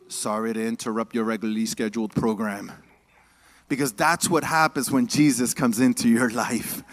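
A man preaching a sermon in a church, animated and casual, with joking asides and call-and-response with the congregation. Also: medium pitch, moderate pace.

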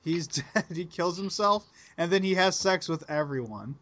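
High-voiced joking podcast host, dry sound. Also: male voice, expressive, normal speed, fairly bright tone, no echo. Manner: joking, crude, laughs often. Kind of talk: casual podcast banter.

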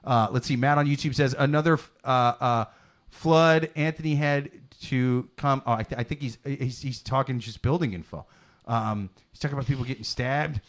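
A man hosting a comedy podcast, chatting casually and animatedly, swearing freely and slipping into loud mock voices. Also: mid-range voice, moderate pace. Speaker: podcast host.

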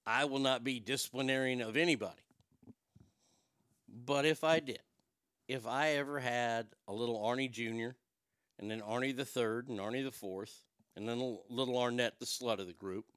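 A middle-aged man telling a long personal story in a profane, wisecracking way, with quick asides and voices for the people in it. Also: medium pitch, a bit bright, clean tone, no echo, clean studio sound. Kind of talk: casual storytelling monologue.

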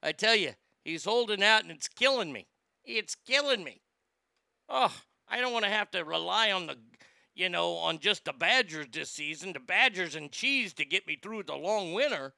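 A man's voice: high voice, expressive, moderate pace, creaky, bright, forceful tone, dry recording, studio quality, full character voice. A man putting on a chatty, folksy Midwestern local who gushes about sports. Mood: folksy cheerful.

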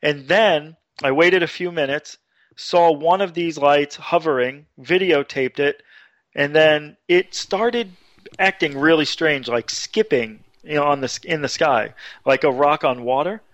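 A man telling a story casually as a radio show guest, animated, jumping his voice high when he quotes people. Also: a little slow, no echo, highs cut off. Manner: animated, acts out quotes with sudden high pitch.

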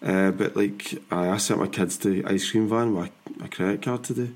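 A Scottish man in his forties hosting a podcast, chatting in a rambling, animated way and laughing often. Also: on the low side, moderate pace. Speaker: podcast host. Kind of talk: casual chat.

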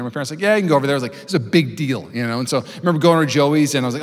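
A man in his thirties preaching a sermon to a congregation, telling stories with acted-out voices and building to loud preaching. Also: mid-range voice, racing. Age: 30s. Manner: storytelling, acts out voices, rising to loud preaching. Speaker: pastor. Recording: long hall reverb.

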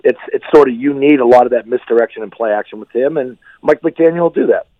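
Fast-talking man on a dull remote line. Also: medium pitch, dry recording. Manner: blunt, animated opinions. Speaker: guest football analyst. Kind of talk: casual sports radio chat.

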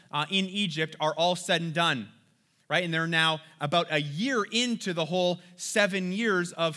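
A man leading a casual Bible lesson, chatty and animated, acting out the people in the story. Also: fairly high pitch. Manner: chatty, animated, acts out quotes. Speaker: Bible study teacher.

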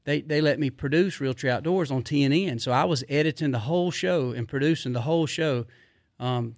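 A middle-aged man, telling rambling stories in a casual, animated way, full of fillers. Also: mid-range voice, dry recording, studio quality. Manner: rambling, animated, drawling Southern speech with repeated fillers. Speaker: podcast guest. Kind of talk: casual storytelling.

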